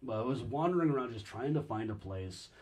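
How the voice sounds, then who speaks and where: Male history lecturer, husky and animated, wry storyteller. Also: medium pitch, brisk. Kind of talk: public history lecture with audience questions.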